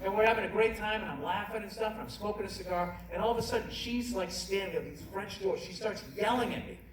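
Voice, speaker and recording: A man's voice: high-pitched, fast, background noise. A middle-aged man doing a stand-up comedy routine, ranting and cursing with self-mocking storytelling. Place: large indoor comedy venue. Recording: distant echoey live hall, loud crowd. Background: roaring audience laughter.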